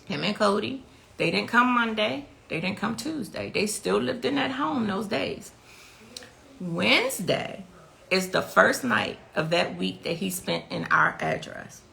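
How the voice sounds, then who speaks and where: A woman's voice: mid-range voice, creaky, pushed and bright, slight background noise. A middle-aged woman, the mother of a victim, giving an intense, emotional personal account and repeating her key phrases.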